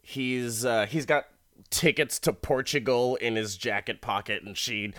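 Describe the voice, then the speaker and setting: A man's voice: medium pitch, steady tone, a little slow, a bit bright, dry recording, clean studio sound. A man casually recapping an episode with heavy swearing and frequent laughter. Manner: profane, laughs often while talking. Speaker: show recap host.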